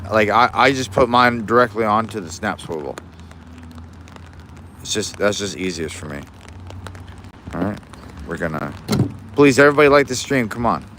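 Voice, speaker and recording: Young man, low voice, loose rambling livestream chat on a phone outdoors, faint city noise behind. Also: a bit bright. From Alaska. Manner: rambling, easygoing, many restarts. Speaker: fishing livestreamer. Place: outdoors in the rain.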